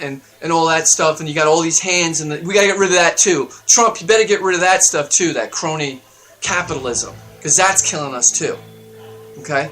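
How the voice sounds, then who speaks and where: A man delivering a heated, profane talk-radio rant, getting louder and higher as he stresses his points. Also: brisk, soft background music. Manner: heated, profane, emphatic ranting that climbs in pitch and volume. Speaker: radio show segment contributor. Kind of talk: ranting talk-radio monologue. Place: radio studio.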